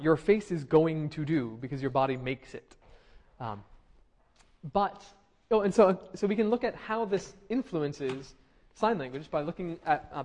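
A man's voice: on the high side, a little mellow. A man giving a classroom lecture, conversational, with frequent fillers and restarts, asking the class questions. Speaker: university lecturer.

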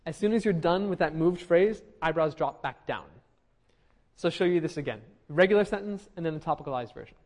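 A man's voice: a little high, expressive, brisk, darkish tone. A young man teaching a linguistics class, explaining patiently and often checking in with students, with frequent ums. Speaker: linguistics instructor. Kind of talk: classroom lecture.

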